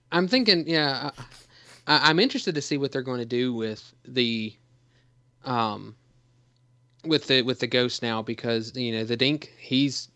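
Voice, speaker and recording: A man's voice: mid-range voice, sharp tone, smooth, no room sound. A man co-hosting a gaming podcast, talking in a rambling casual way with lots of fillers and restarts. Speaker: podcast co-host.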